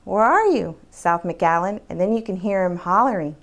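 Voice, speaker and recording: A woman's voice: medium pitch, moderate pace. A woman recounting a personal story in a documentary interview, acting out the quotes as she goes. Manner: storytelling, animated quoting.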